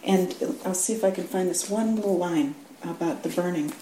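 A middle-aged woman giving a dharma talk, halting often with restarts and fillers and laughing easily. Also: fairly low pitch. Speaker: dharma teacher. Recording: echoey room with faint hum.

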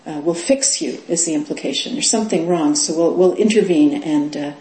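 A middle-aged woman teaching as a Zen teacher in a dharma talk, unhurried, with many fillers and laughs. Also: deep voice, mellow, slight background noise. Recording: roomy echo.

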